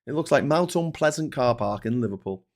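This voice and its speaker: A man's voice: mid-range voice, lively intonation, brisk, a little mellow. A man with an English accent hosting a casual live-stream chat, ranting and swearing freely as he reads viewer messages and newspapers. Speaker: host.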